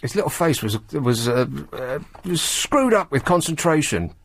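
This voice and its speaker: A man's voice: fairly high pitch, sing-song, moderate pace. A man hosting a talk radio show, riffing sardonically on news stories with mocking asides. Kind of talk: late-night radio monologue. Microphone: studio microphone.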